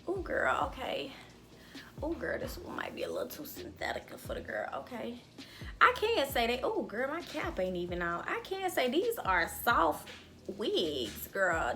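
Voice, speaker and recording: A young woman chats to her viewers from home in a loose, joking manner, calling them "y'all" and "girl". Her pitch swings widely and her tone is bright and forward. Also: measured pace. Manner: animated, playful, lots of "girl" and "y'all", bursts of laughter and singing. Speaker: vlogger reviewing wigs. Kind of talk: casual chatty haul vlog. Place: indoors at home.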